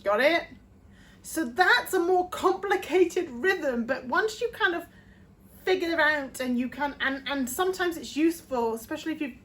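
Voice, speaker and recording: A woman vocal coach gives a music theory lesson in a high, animated, slightly bright voice. She explains sheet-music rhythm slowly, step by step, and sings short phrases as demonstrations.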